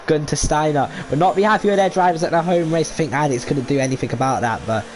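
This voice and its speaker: A man commentating a live esports race with a cold and a blocked nose, getting excitable in close battles and turning to dry sarcasm. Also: on the high side, fast. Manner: excitable, rising sharply in tense moments, dry sarcasm. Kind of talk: live sim racing commentary. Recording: home setup with clear background noise.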